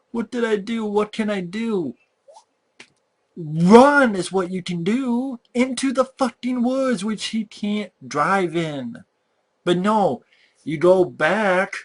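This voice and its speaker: A young man ranting about a movie, exasperated and mocking, with heavy swearing. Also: high-pitched. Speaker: movie reviewer. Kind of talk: profane movie rant.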